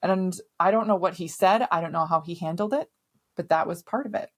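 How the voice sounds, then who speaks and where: A woman's voice: on the low side, brisk. A middle-aged woman hosting a podcast, telling a personal story in a candid, emphatic way and swearing now and then. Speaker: podcast host.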